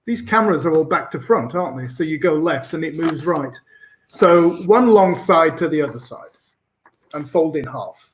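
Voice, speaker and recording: English male guest, slightly high voice, patient instructor on a video call. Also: expressive, moderate pace. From England. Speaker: origami teacher guest. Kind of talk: live online tutorial.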